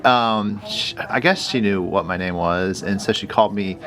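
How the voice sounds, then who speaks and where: A man's voice: fairly low pitch, normal speed, fairly bright tone. A man on the shop staff, chiming in playfully during a casual chat.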